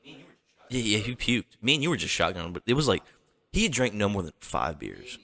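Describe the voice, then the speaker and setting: A man's voice: lowish voice, big pitch swings, fairly quick, vocal fry, pushed and bright. A young man co-hosting a podcast, chiming in with loose, profane banter. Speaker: podcast co-host. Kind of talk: casual banter.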